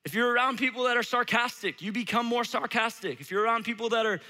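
A man's voice: extremely high pitch, quick pace, pushed and bright. A man in his thirties from Saint Louis, preaching a sermon in a chatty, casual way with lots of "like". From Saint Louis, Missouri. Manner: casual, chatty, heavy use of "like". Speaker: pastor. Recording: long hall reverb.

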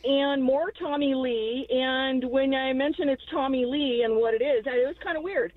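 A woman's voice: high-pitched, moderate pace, no echo, narrow, tinny audio. A woman calling in to a radio show, telling a story in a chatty, incredulous way. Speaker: caller. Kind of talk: call-in radio chat.

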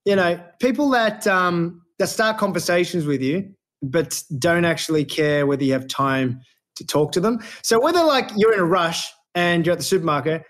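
A man chats as a podcast guest, his voice pitched high for a man. He rambles, stacks repeated words when worked up, and keeps the talk loose and casual. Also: moderate pace, a bit bright. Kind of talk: casual chat.

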